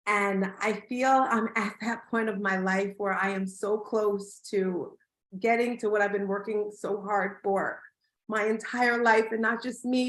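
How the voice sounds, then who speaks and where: A woman's voice: mid-range voice, steady tone, measured pace, a bit bright. A middle-aged woman hosting an online summit, telling a personal story to her audience in a heartfelt, emotional way. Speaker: summit host. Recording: echoey room.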